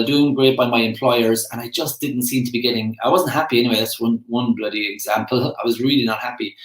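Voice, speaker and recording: An Irish man in his forties rambles through a casual monologue, chatty and full of self-aware asides. His pitch sits in the middle, and the room around him is echoey. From Ireland. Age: 40s. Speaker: motivational speaker.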